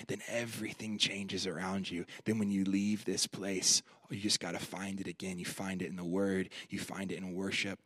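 Low-voiced man preaching a sermon. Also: no echo, studio quality. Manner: repeats phrases, builds to loud emphatic peaks. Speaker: conference preacher.

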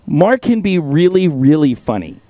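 A man with a high, swooping voice hosts a podcast and tells a raunchy story, laughing as he goes. He sounds sore and worn out from a hurt rib. The sound is dry and close. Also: normal speed, dry recording. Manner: profane, animated, laughs through his story. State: sore ribs, tired. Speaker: podcast host. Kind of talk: crude comedic storytelling.

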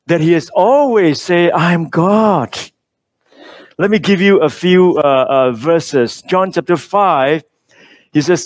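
A man preaches a sermon in a voice on the high side, reading scripture slowly and with emphasis, making small slips in his phrasing.

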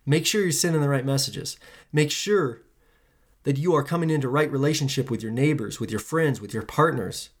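A solo podcast host preaches with emphatic repetition and casual swearing in a slightly rough voice at a moderate pace, though the pace keeps changing. The pitch leaps up and drops low from line to line, with both pitch and pace swinging widely between lines.

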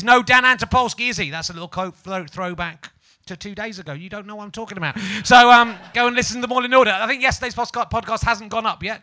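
A man's voice: high voice, bright, forceful tone. A man with a Yorkshire accent hosting a live comedy podcast, rambling, swearing and teasing the audience. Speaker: stand-up comedian and podcast host.

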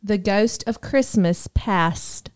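A woman's voice: mid-range voice, slow pace, a little mellow, clean tone, no room sound. A woman in her thirties on church staff, chatting casually in a blunt, dismissive way. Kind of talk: casual chat.

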